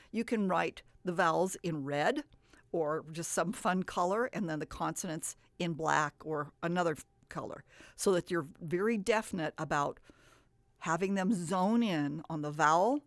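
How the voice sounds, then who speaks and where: Woman reading teacher, low voice, dry sound, patient explaining. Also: moderate pace, no room sound. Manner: explains patiently, stretches words to model sounds. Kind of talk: instructional talk.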